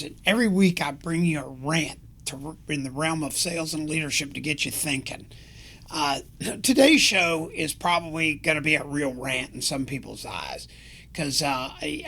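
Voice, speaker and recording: A man's voice: on the high side, vocal fry, pushed and bright. An older man hosting his own show, talking in a passionate, rambling monologue full of fillers. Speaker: podcast host. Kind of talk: casual monologue rant.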